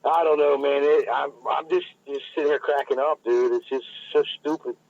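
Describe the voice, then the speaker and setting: A male co-host chatting casually, laid-back and rambling with halting restarts. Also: a little high, fairly even intonation. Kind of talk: casual chat. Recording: dull lo-fi line.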